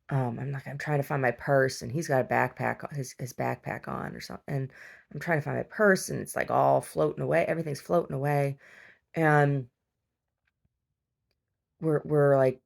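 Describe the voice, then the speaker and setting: A woman's voice: very deep voice, creaky, darkish tone. A woman host telling a long casual story, rambling and chatty, full of fillers and restarts. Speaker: podcast host.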